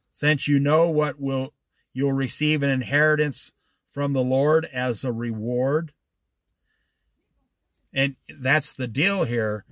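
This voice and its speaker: A man's voice: medium pitch, no echo, clean studio sound. A middle-aged man leading an informal Bible study, telling stories in a folksy, emphatic way. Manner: folksy, animated storytelling with emphatic slow stresses.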